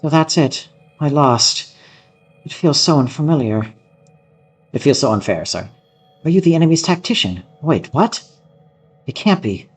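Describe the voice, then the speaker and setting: A man's voice: on the high side, lively intonation, a little slow, long pauses, husky, faint music behind, voice pushed up. Lyn, a man voicing an earnest young swordswoman. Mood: earnest, surprised. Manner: heartfelt, tearful, eager. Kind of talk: reading game dialogue aloud.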